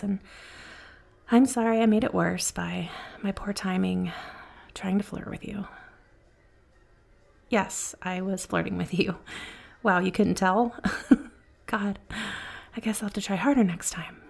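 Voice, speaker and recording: A woman voicing a flirty, caring female bartender in a whispered role-play, speaking softly, slowly and soothingly, with a teasing edge. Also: medium pitch, creaky, slightly rough. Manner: soft, slow, soothing, teasing.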